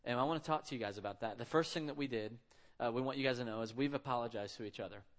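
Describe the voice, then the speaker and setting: Speaking rapid-fire at a medium pitch, a pastor in his thirties delivers a sermon. He tells it like a conversation full of stories and acts out the quotes.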